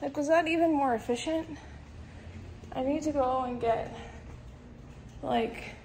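A woman's voice: high voice, unhurried, a little mellow, rough recording. A young woman vlogging casually, frank and profane, rambling in exasperation and worn out. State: tired and sweaty. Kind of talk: casual vlog chatter. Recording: phone vlog with clear background noise.

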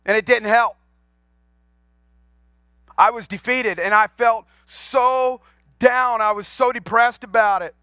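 A man's voice: very high voice, steady tone, takes it slowly, long pauses, pushed and bright, clear, resonant tone, no echo, clean studio sound. A man in his forties, a pastor, preaching a sermon to his congregation in a folksy storytelling way, asking them questions as he goes. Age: 40s. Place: church sanctuary.

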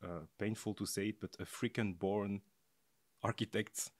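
A man speaking as a guest on a podcast, hesitant and full of pauses and fillers. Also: lowish voice, steady tone, no room sound. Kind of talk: casual conversation.

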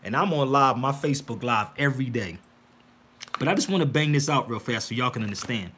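Husky, mid-range, and a little fast, a livestream host's voice carries an animated, preachy tone. He talks casually but insistently to his viewers, addressing them directly as "y'all."

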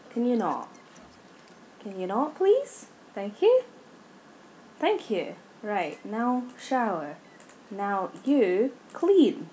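A woman's voice: a little high, dark tone, slight background noise. A young woman commenting on a life-sim game, scolding her characters in exasperation. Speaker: gaming YouTuber. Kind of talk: casual Let's Play commentary.

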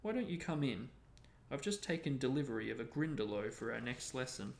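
A man reading a book aloud, voicing a kind, calm male teacher with a friendly manner. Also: mid-range voice, a little fast, vocal fry. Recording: roomy echo.

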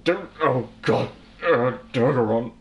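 A man's voice: medium pitch, slow. A man giving crude, rambling comedic commentary on a game, laughing often. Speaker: gaming channel host.

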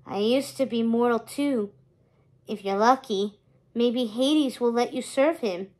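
A woman doing a raspy old skeleton ferryman. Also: a little high, unhurried, darkish tone, close to an everyday voice. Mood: gloomy.

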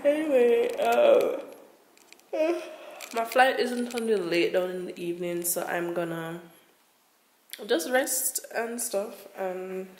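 A young woman vlogging to camera, rambling and effusive as she piles up repeated words. Her voice sits at an ordinary middle pitch. The room gives it a noticeable echo, with faint traffic noise behind. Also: slow pace, pauses often, a little mellow. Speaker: travel vlogger. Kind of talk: casual vlog to camera.

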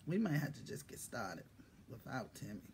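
A host of a casual live-stream show, joking and swearing, who swings from quiet asides to loud shouted greetings. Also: mid-range voice, big pitch swings, normal speed, a little hiss or hum. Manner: profane, joking banter.

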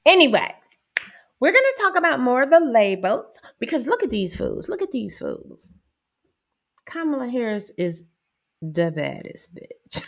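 A woman speaks in a casual, blunt monologue, swearing freely. Her pitch swings widely and she talks slowly and emphatically, often breaking into laughter. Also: very animated, creaky. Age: 50s. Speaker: host.

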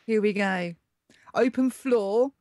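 A woman's voice: medium pitch, slow pace, a little mellow, dry recording, studio quality. A woman hosting a quiz segment in casual podcast chat, upbeat and encouraging. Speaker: quiz host.

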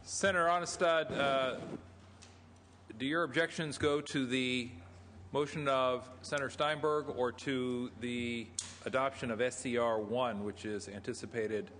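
Middle-aged presiding officer guy, crisp bright voice, formal, echoey hall w/ faint hum. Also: mid-range voice, fairly even intonation, measured pace. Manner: formal, procedural. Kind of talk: formal parliamentary chairing. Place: large legislative chamber. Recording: reverberant chamber with faint room hum.

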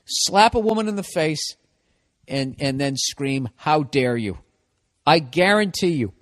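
A man's voice: no echo, studio quality. Profane sardonic middle-aged man ranting. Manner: profane, sardonic, swings between low mutters and loud outbursts. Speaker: podcast host. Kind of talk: comedic monologue rant.

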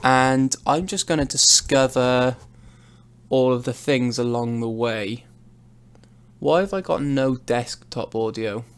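A young gaming streamer plays a truck driving game, chatting casually, rambling, and poking fun at himself as he drives. His medium-pitched voice is smooth and slow.

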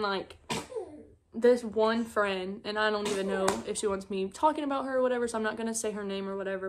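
A young woman, telling her own story at home as a mother vlogger, tearful and halting, with many filler words. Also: a little high, a little hiss or hum. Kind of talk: emotional personal storytelling. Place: at home on a couch.

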